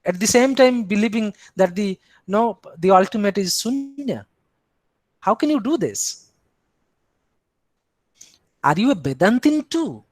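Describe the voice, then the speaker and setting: A man's voice: high-pitched, lively intonation, unhurried, pauses often, dry recording. A man with an Indian English accent giving an academic philosophy lecture, posing rhetorical questions and speaking in the first person for the tradition he explains.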